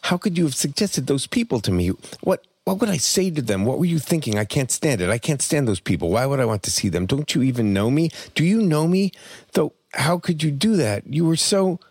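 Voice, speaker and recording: A man's voice: on the low side, creaky, breathy edge, no room sound. A man voicing his frail, bitter older mother near the end of her life, speaking faintly with little strength behind it. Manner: faint rushing rant, barely above a whisper.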